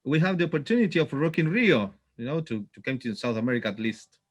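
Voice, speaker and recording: A man hosting a casual interview, asking questions in halting phrasing. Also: mid-range voice, sing-song. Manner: halting non-native phrasing. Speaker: host.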